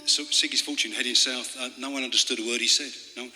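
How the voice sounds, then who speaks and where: A man talking between songs at a live club gig, rambling and wry, halting with fillers and political jokes. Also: medium pitch, steady tone. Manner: halting, with many fillers and restarts. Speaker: folk singer and storyteller. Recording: hall reverb with guitar playing.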